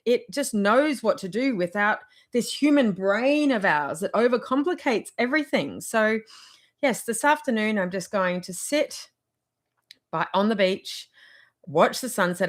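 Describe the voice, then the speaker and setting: A woman giving casual motivational advice in a vlog, rambling and chatty, with frequent laughs. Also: mid-range voice. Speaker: wellness vlogger.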